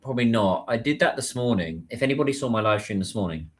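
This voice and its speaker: A man's voice: mid-range voice, animated, fast talker. A man chatting casually on a livestream while he waits in a taxi queue, musing aloud and answering viewers' comments. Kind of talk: casual live-stream chat.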